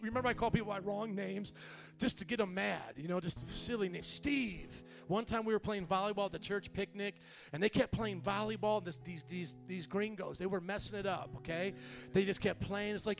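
A man in his late thirties, a pastor telling a story in a sermon, animated and casual, acting out quotes. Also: sits high, normal speed, gravelly, soft background music.

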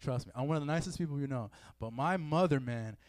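A man's voice: fairly high pitch, fast talker, a little mellow, no room sound. A man giving a casual sermon to a youth group in a meeting room, chatty and full of fillers. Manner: conversational, filler-heavy, acts out quoted feelings. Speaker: youth preacher. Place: meeting room with a live audience.

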